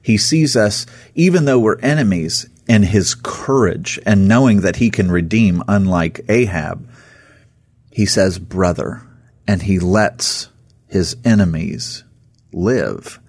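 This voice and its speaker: A man's voice: lowish voice, takes it slowly, a little mellow, husky, no echo, studio quality. A man co-hosting a casual Bible discussion, talking animatedly and acting out quoted speech.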